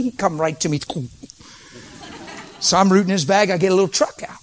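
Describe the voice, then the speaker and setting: A man preaching, telling a story with vocal sound effects and sometimes dropping to a soft near-whisper. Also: sits high, a little fast, long pauses, slight background noise. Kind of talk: storytelling sermon.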